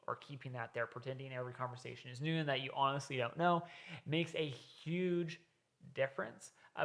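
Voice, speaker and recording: A man's voice: mid-range voice, bright, forceful tone. A man hosting a reaction video, explaining sales techniques in casual commentary with frequent "right?" asides.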